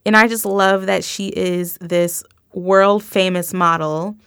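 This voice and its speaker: A woman's voice: on the low side, steady tone, takes it slowly, fairly bright tone, smooth, no room sound, studio quality. A woman hosting her podcast, chatting casually in a bubbly, gushing way with frequent laughs. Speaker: podcast host. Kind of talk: casual interview chat.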